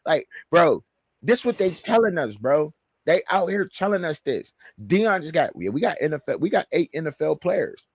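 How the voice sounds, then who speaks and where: A man co-hosting a college football talk show, worked up and full of slang, circling back over the same points. His voice sits a bit high. The sound is dry and close, with no room around it. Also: moderate pace, husky, no echo. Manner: animated, repeats himself, slangy. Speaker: show co-host, fan. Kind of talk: heated sports banter.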